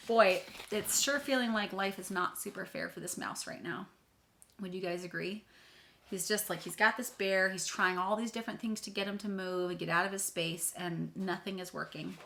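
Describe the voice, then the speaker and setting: A woman's voice: medium pitch, fairly even intonation, normal speed, gravelly, a bit bright. A woman reading a picture book aloud to children, explaining words and talking to them directly in a friendly way. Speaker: read-aloud teacher.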